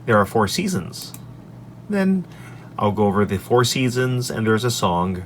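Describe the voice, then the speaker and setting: A man who teaches English, recorded in his office on a desk microphone, walking through his lesson slides in an upbeat way and saying each example sentence clearly. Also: fairly low pitch, expressive, measured pace, a little hiss or hum. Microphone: desk microphone on an extension arm.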